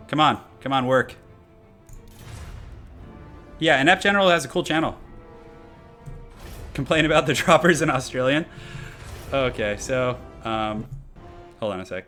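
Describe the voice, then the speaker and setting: Bright-voiced young man streaming games. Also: mid-range voice. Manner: upbeat, chatty, answers chat comments. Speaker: game streamer. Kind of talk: casual live-stream chat. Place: home computer setup.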